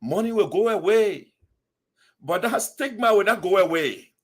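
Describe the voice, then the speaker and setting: A man with a high-pitched voice speaks in a passionate monologue. He scolds with rhetorical questions and quotes scripture, in the manner of a preacher addressing his community. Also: animated, measured pace. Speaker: diaspora community commentator. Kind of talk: impassioned commentary monologue.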